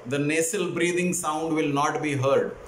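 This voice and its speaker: A man teaching a breathing technique, explaining each step calmly before demonstrating it. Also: a little high, unhurried. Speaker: breathing instructor. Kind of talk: instructional demonstration. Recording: echoey room, faint noise.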